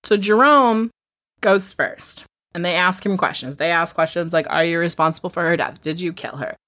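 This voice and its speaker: A woman co-hosting a casual true crime podcast, telling the case in an animated way, swearing freely and acting out what people said. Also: on the low side, normal speed, no echo, clean studio sound. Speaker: podcast co-host.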